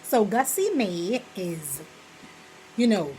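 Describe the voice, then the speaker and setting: A woman's voice: mid-range voice, a little slow, a little hiss or hum, poor audio. Chatty Bahamian woman explaining sayings. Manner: chatty, rambling, full of "you know" fillers; slips into lively quoted examples. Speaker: vlogger. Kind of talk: casual explainer vlog.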